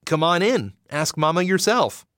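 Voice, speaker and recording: A man's voice: fairly high pitch, sing-song, normal speed, a bit bright, dry recording, studio quality, voice pushed up. A man voicing a cheerful, easygoing young man who speaks in a friendly way.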